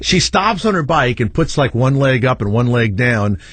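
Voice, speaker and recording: A middle-aged man hosts a radio show, talking bluntly and crudely in casual banter. His voice is husky and recorded dry and close, and his pitch rises and falls a lot as he tells his stories. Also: sing-song, normal speed, fairly bright tone, no echo.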